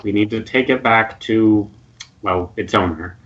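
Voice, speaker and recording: Male game master, lowish voice, measured narration, muffled online call sound. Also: fairly bright tone.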